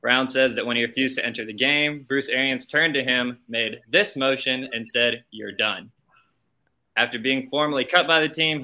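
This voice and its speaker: A man's voice: medium pitch, bright, forceful tone. A young man, a marketing intern, reading a scripted sports news story with wry asides.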